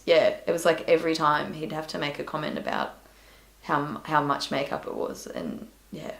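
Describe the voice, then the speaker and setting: A woman's voice: deep voice, very animated, moderate pace, creaky, a bit bright. A woman rambling through a personal story in an interview, full of fillers. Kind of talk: personal testimony.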